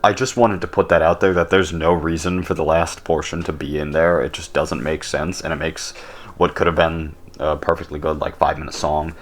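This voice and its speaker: A young man talking casually about songs, blunt and opinionated, often pausing with fillers. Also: rumbling low, level tone. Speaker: YouTube host.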